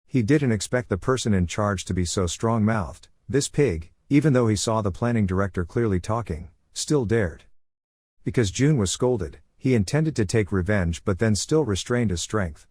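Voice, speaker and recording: A man narrating a comic recap in one even reading voice. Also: lowish voice, moderate pace, no room sound, clean studio sound.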